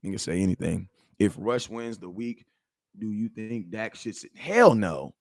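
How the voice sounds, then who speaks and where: On a live sports stream, a young male host rants with heat and slang, repeating himself and addressing his viewers directly. His voice sits on the low side with a sing-song lilt, the pace is unhurried, and there's no echo.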